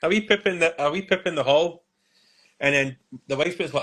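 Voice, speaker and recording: A man's voice: a little high, brisk, a bit bright. A man with a Scottish accent, co-hosting a casual podcast chat and telling jokey, sweary stories. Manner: jokey storytelling, swears freely.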